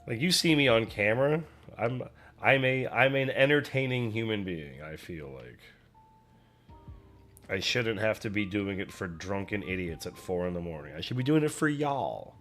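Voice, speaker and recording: A man's voice: low-pitched, a bit bright. Chatty young man streaming. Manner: rambling, chatty, self-deprecating. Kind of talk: casual chat while painting on stream. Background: faint music.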